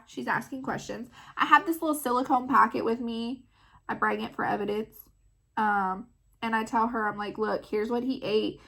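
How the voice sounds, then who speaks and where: A mother vlogging, retelling a story in a casual, animated way full of "like". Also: fairly high pitch, moderate pace, gravelly. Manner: animated, filler-heavy retelling with many "like"s.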